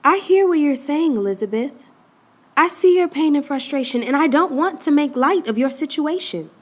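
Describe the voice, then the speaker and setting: A woman playing a gentle older woman mentor. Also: high voice, animated, moderate pace, voice pushed up. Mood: compassionate. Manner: gentle, reassuring.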